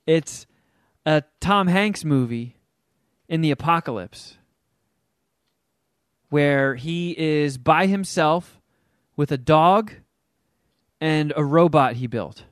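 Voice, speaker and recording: A man's voice: on the high side, takes it slowly, long pauses, smooth, no echo, studio quality. A man co-hosting a podcast, telling about a movie in rambling, profane casual chat. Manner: rambling, profane, animated storytelling. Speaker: podcast co-host.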